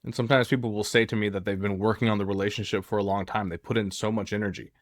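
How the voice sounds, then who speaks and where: A man's voice: lowish voice, flat delivery, rapid-fire, dry recording, clean studio sound. A man talking as a relationship recovery coach, giving firm, earnest advice in a direct, emphatic way. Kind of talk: direct-to-camera advice talk.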